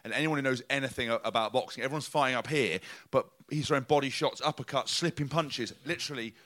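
A man's voice: medium pitch, fast. A man from England in casual chat, telling stories animatedly and acting out quotes. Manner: animated storyteller, acts out quotes loudly.

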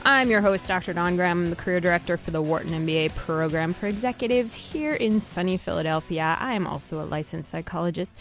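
A woman's voice: fairly low pitch, quick pace, few pauses, soft background music. Upbeat chatty woman radio host. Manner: upbeat and chatty, laughs often. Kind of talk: radio talk show. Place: radio studio.

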